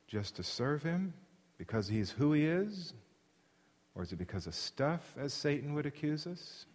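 Man, preacher, earnest and emphatic, mid-pitched voice, long hall reverb. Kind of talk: sermon.

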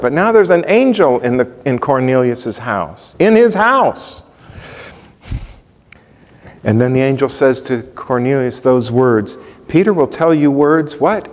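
Animated male preacher in a reverberant hall. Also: on the high side. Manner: animated, rhetorical questions to the congregation. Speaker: pastor. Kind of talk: Bible teaching sermon.

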